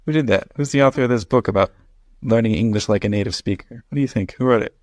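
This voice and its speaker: Dry-witted low-voiced male teacher. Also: fast talker, no echo. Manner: dry, teasing, explanatory. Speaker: English teacher. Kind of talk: one-on-one conversation lesson. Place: at home.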